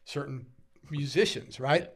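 Animated middle-aged man telling stories. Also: fairly high pitch, a little slow, vocal fry, husky. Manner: animated, acts out quotes with loud bursts; swears freely. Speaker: guest musician. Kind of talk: casual storytelling chat.

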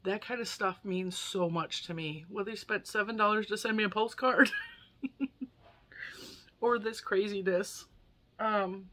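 Measured in pace with frequent pauses, this woman speaks at medium pitch with a sharp tone. She's an American crochet YouTuber in her forties, emotionally and chattily unboxing yarn gifts for her viewers and laughing often.

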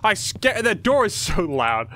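A man giving excitable commentary on a horror game, yelping and shouting at scares. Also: high voice, measured pace, a little hiss or hum. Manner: jumpy, yelps and shouts at scares. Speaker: let's play host.

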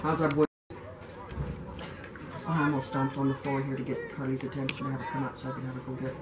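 A woman's voice: extremely low pitch, level tone, fast talker. An older grandmother cheering and chatting casually on the sidelines of a football game, recorded outdoors. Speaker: sideline commentator. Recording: roomy, distant, noisy outdoor recording.

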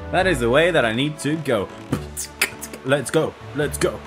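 A man provides casual, profane let's play commentary, joking and muttering to himself while he plays, with loud game music behind him. His mid-range voice has lively intonation and a slightly slow pace.

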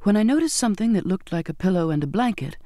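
Man narrator, audiobook reading, mellow tone, dry close sound, slightly high voice. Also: animated, fast talker, no room sound. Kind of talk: scripted narration.

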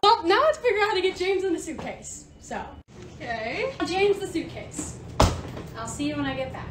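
A young woman narrating her home organizing projects in a chatty, excitable voice-over with quick asides. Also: very high voice, very noisy. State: hoarse, losing her voice. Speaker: lifestyle creator.

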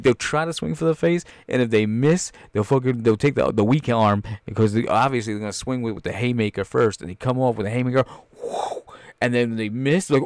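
A man hosting a podcast, reacting to a film trailer with crude, animated commentary and frequent laughter. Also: mid-range voice, no echo. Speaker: podcast host.

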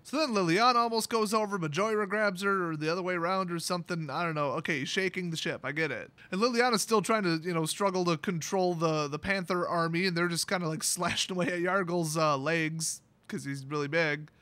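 A man with a high, bright, sharp voice casually recaps a fantasy story for his channel. He rambles with plenty of fillers and throws in sarcastic, irreverent jokes as he goes. The sound is close and dry. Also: fairly quick, hardly any pauses, no echo. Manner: loose, rambling delivery with many fillers. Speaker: YouTube host recapping a story.

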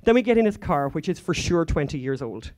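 A woman's voice: deep voice, expressive, fairly quick, darkish tone. Chatty Irish woman telling a story. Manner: chatty, rambling, frequent asides and fillers. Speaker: conference speaker. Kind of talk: anecdotal conference talk. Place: conference hall stage.

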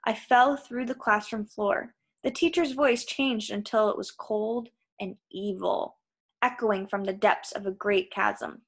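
Slow, even woman narrator. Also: mid-range voice, breathy edge. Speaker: audiobook reader. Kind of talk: audiobook narration.

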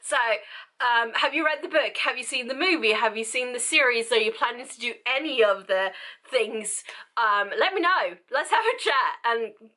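Woman book vlogger, casual rambling delivery, bright tone. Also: on the high side, lively intonation, moderate pace. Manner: rambling, self-interrupting, laughing often. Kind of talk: casual chat to camera.

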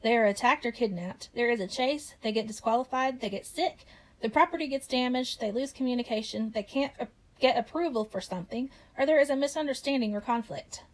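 A woman teaching story writing by reading example stories aloud in a clear, expressive way. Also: on the high side, a little fast, low-quality recording.

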